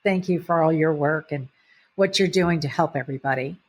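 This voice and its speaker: A woman guest in conversation, telling a family story in an animated way. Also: deep voice, a little fast, husky, muffled recording. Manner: animated, acts out voices in stories.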